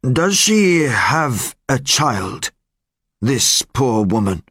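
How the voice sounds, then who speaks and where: A man voicing a concerned doctor in an audiobook, speaking quietly and with care. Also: mid-range voice, sing-song, extremely slow, breathy edge, dry recording, heavily acted. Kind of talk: graded-reader audiobook.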